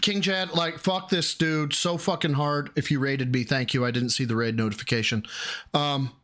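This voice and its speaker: A man with a Midwestern American accent reacting to a clip on his live stream, swearing and exasperated, his voice jumping high. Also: steady tone, moderate pace, fairly bright tone. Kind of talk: casual live-stream commentary.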